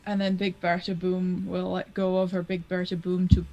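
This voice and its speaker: A woman playing a tabletop role-playing game, describing her character's actions slowly and hesitantly. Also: on the low side, completely flat delivery, mellow, lo-fi sound. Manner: slow and hesitant, searching for words. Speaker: player.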